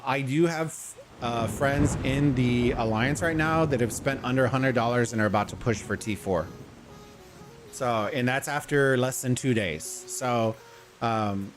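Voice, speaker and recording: A man hosting a casual gaming livestream, talking loosely, rambling and greeting viewers from chat, with faint music behind him. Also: medium pitch. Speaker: livestream host. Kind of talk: casual gaming stream commentary.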